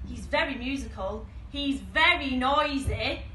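A woman's voice: sits high, measured pace, sharp tone, a little hiss or hum. Woman voicing an eager, helpful teddy friend. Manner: eager, cheerful, persuasive. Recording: echoey room, mic at a distance.

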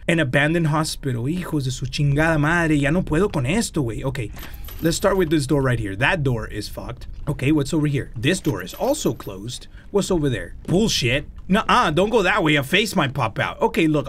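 A young man calls out a horror game in a high, bright voice that swings wildly up and down. He is loud and jumpy, cursing constantly and tossing in Spanish exclamations between his English commentary. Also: very animated, moderate pace. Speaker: gaming YouTuber. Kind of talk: let's-play commentary.

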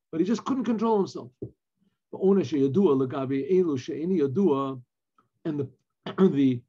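A man, a rabbi, teaching a Torah lesson, reading Hebrew phrases and explaining them in English with animated emphasis. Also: on the high side, breathy edge, dull audio.

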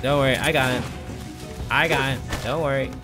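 A man with a steady, mid-range voice streams a game from home, speaking a little fast. In a room with a TV, he rambles casually, belittles himself, and pleads with an in-game companion. He uses a desk mic on an arm, with game music in the background.

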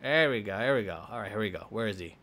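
A man voicing a goofy, excitable schoolboy hero in a comedic game voiceover, jumping between squeals and mutters. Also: on the low side, fast. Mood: playful. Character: hyper boastful schoolboy hero with a pet shark. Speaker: gameplay voice actor.

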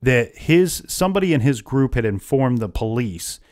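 A man's voice: mid-range voice, lively intonation, moderate pace, a little mellow. A man hosting a casual true-crime podcast, retelling events at length with frequent restarts. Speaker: podcast host.

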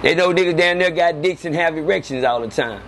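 Male interview guest, casual profane storyteller, animated, a bit higher voice, noisy hum behind. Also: a little fast. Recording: noisy background.

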